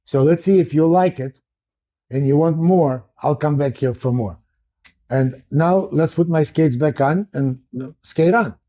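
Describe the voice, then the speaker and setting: A man's voice: a little high, unhurried, no echo. A man from the Soviet Union hosting an interview show, chatty and enthusiastic, recorded outdoors. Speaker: show host. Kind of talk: casual interview and vlog sign-off. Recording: loud street and traffic noise.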